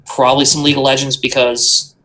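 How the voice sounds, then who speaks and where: A man playing in a live tabletop stream, chatting casually and joking around in a relaxed way. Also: medium pitch, brisk, soft background music. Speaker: player.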